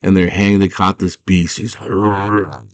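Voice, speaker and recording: A man's voice: deep voice, fairly even intonation, moderate pace. A man casually retelling a movie plot, rambling and slangy with lots of fillers. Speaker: movie fan.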